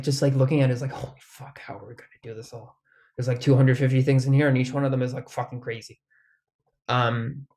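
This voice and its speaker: A man's voice: mid-range voice, creaky, darkish tone. A man vlogging in a casual, rambling monologue, full of "like", swearing and frequent laughs.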